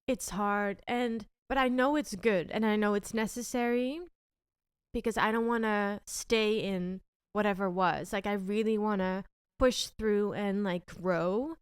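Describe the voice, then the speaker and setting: A woman's voice: medium pitch, clear, resonant tone, no echo, studio quality. Tearful woman on the verge of crying. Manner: tearful, halting, many fillers and restarts. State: on the verge of tears. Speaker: podcast co-host. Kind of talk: emotional casual chat.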